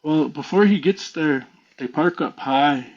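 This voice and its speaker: A man's voice: a little high, unhurried, dull audio. A man, a podcast guest, telling a story in a casual, rambling way, full of "you know"s.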